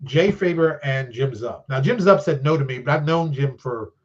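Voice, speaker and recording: A man's voice: mid-range voice, moderate pace, highs cut off. A man chatting as a guest on a live-streamed interview, telling stories in a loose, self-deprecating way and acting out the conversations he recounts. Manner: animated storyteller who acts out quoted conversations. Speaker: game designer and publisher guest.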